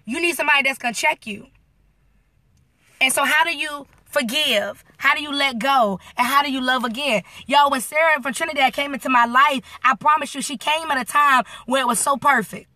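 A woman hosting a live-stream inspirational talk, animated and preacherly, speaking straight to her viewers. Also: high-pitched, brisk, no echo, studio quality. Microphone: phone.

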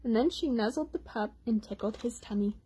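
A woman reading a children's picture book aloud at storytime, gently pausing to explain words for young listeners. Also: fairly high pitch, noisy background. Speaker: storytime reader.

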